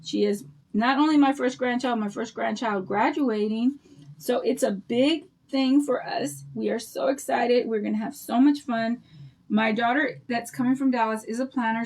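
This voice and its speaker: An older woman rambles happily to her livestream viewers, telling stories in a bubbly, chatty way. Her voice sits a little high for a woman. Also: a little mellow. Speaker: craft livestream host.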